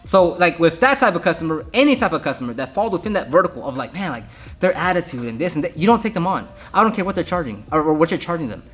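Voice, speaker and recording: A man's voice: on the high side, quick pace, breathy edge. A young man, a detailing business owner, giving casual advice and telling stories about customers, acting out their lines with lots of restarts. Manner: animated storytelling, acts out customers, frequent restarts.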